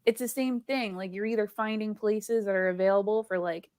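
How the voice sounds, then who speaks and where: A woman's voice: mid-range voice, steady tone, brisk, a little mellow, no room sound. Giggly woman chatting on a stream, says "like" a lot, dry close mic. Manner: giggly, storytelling, lots of "like" fillers. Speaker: livestream co-host. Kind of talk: casual chat.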